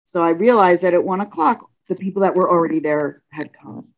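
Woman telling a personal story. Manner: animated, acts out dialogue with pitch leaps; halting, frequent restarts and self-corrections.

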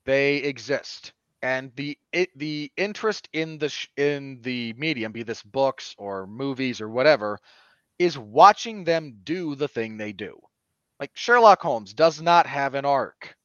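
A man co-hosting a podcast, talking through a film review in an animated, opinionated way with sudden emphatic jumps. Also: medium pitch, no echo. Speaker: podcast co-host. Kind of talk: casual film review chat. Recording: dull, dry lo-fi podcast audio.

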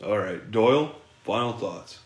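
A young man hosting a casual, crude podcast, loose and profane, breaking into loud bursts now and then. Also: on the low side, lively intonation, measured pace, husky. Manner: loose, profane, rowdy, prone to shouting bursts. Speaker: podcast host.

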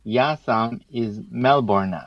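A man's voice: medium pitch, highs cut off. A man co-hosting a podcast lesson, carefully repeating phrases after the teacher. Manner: slow, careful repetition. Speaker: podcast co-host, learner. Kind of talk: casual podcast practice.

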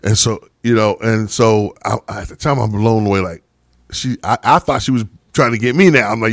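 Low-voiced man telling stories casually. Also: moderate pace, no echo, clean studio sound. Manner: storytelling, animated, repeats "right?". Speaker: podcast co-host. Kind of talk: casual chat.

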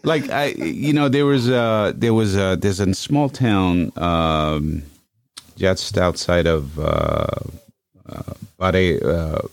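A man chatting casually, halting with many fillers and telling playful stories. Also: low voice, no room sound. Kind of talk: casual chat.

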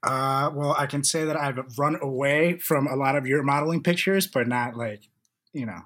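Male podcast co-host, bright voice, crude humor, teasing, casual chat. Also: mid-range voice, normal speed.

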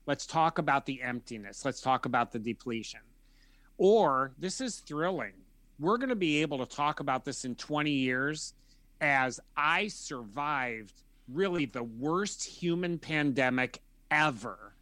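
A man answering an interview question, explaining feelings in a measured way and repeating phrases as he lists them. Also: medium pitch, animated, sharp tone, no room sound. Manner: measured, repetitive listing of feelings. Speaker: guest expert.

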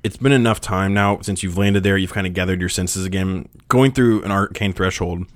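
A man's voice: low-pitched, moderate pace, no echo. A man narrating as game master of a tabletop game, describing scenes with occasional restarts.

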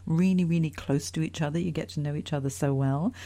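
A woman from Singapore hosting a podcast interview, chatty and expressive. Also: low-pitched, fast. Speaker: podcast host.

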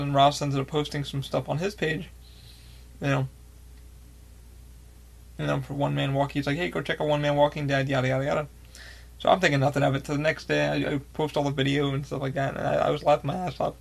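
A man hosting a podcast, telling a rambling, excitable story with lots of swearing and fillers. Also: a little high, creaky. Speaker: podcast host. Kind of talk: casual storytelling.

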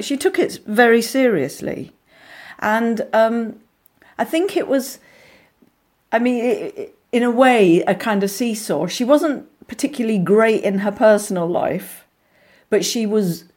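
An actress telling lively anecdotes in a casual interview, with frequent restarts and asides. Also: female voice, medium pitch. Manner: animated storyteller, many restarts, acts out voices. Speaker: actress guest.

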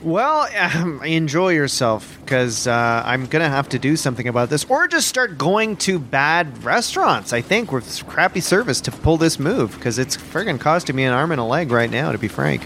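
A man's voice: fairly high pitch, big pitch swings, moderate pace, few pauses, fairly bright tone, a little hiss or hum. A man co-hosting a comedic podcast outdoors on a boat deck, brash, boastful and tipsy. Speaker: podcast co-host.

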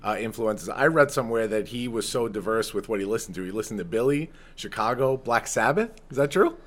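A man's voice: on the low side, expressive, brisk. A man hosting a podcast interview, asking easygoing questions and dropping in short affirmations. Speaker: podcast host. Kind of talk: casual interview.

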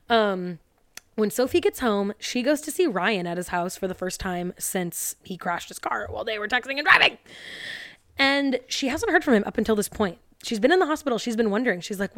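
A young woman talks through a movie recap in a loose, sarcastic, chatty way. She drops into quick character voices for the lines she quotes. Her voice sits at a middle pitch and sounds close and dry, with no room around it. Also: animated, no echo. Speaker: podcast host recapping a TV movie. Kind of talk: casual comedic recap.

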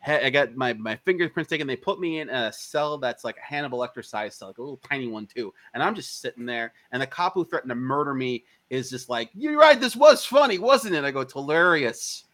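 Talking fast in a mid-range voice with hardly any pauses, a man being interviewed as an indie filmmaker relates a long anecdote. He's animated and profane, voicing the quoted dialogue of other people.

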